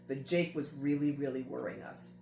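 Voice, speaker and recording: A woman's voice: extremely low pitch, moderate pace, gravelly, mellow, a little hiss or hum. A woman host telling a family story in a casual chat, earnest and repeating phrases for emphasis. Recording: roomy echo with faint music.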